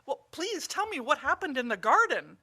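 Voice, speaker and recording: A woman's voice: high-pitched, very animated, bright, forceful tone, pitched above the performer's own voice, heavily acted. A woman voicing a patient old master monk. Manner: patient, measured. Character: calm, wise old male master monk.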